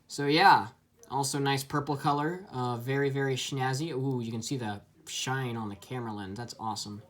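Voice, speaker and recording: A man's voice: medium pitch, fairly even intonation, moderate pace. A man giving a casual, enthusiastic toy review, chatty and full of ums.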